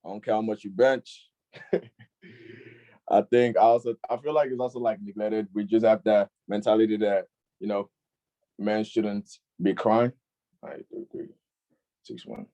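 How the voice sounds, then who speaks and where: A young man hosting a casual online youth discussion, laid-back and filler-heavy, often agreeing with a quick "facts.". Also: fairly low pitch, steady tone, mellow, lo-fi sound. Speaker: youth group discussion host.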